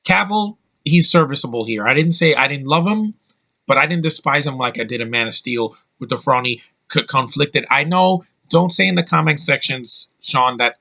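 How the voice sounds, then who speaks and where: A man's voice: mid-range voice, lively intonation, normal speed, creaky, pushed and bright. A man giving a casual spoken movie review, enthusiastic and blunt, rambling with restarts and the odd swear word.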